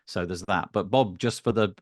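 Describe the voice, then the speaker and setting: A man's voice: low-pitched, moderate pace, dry recording, clean studio sound. A middle-aged man chatting as a podcast guest, self-deprecating and hesitant, with many fillers. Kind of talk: casual interview chat.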